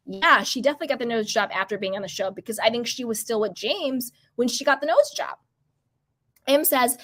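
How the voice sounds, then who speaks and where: Bubbly high-voiced woman chatting. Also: a bit bright. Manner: bubbly, gossipy, uses "like" a lot. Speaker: livestream host reading chat. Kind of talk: casual livestream chat.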